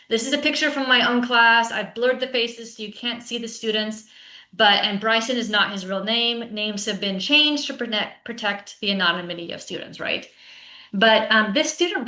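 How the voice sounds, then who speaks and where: Bright-voiced woman presenter, roomy sound. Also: a little high. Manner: conversational, often adds "right?" for agreement. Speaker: teacher coach and presenter. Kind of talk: conference talk to teachers. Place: online session with a chat. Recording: roomy echo.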